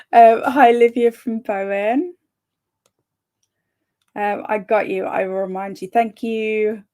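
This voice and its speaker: A young woman chats on her live reading stream in a bubbly, easygoing way. She reads viewers' comments aloud, laughs often and stumbles over a word here and there. Her pitch sits mid-range. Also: steady tone, takes it slowly, pauses often, mellow. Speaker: livestream host of reading sprints.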